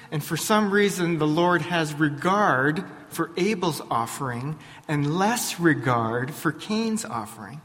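A pastor preaches deliberately in a church, posing rhetorical questions to his congregation. His voice is on the high side and a bit bright, and the recording has a big-room sound.

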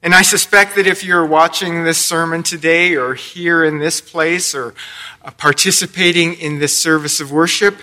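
A man's voice: on the high side, steady tone, moderate pace, pushed and bright. A man preaching a sermon in church, telling the story with playful asides. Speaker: pastor. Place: church sanctuary.

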